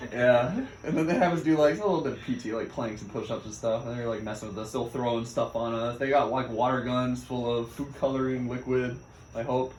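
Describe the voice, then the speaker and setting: A young man recounts his time at sea in a relaxed, animated way, often laughing and acting out the orders barked at him. His voice is mid-pitched and carries a noticeable echo from the room. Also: normal speed, slight background noise. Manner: animated, laughs often, acts out quoted shouts. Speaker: Navy sailor recounting a deployment. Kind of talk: casual spoken storytelling. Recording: echoey room.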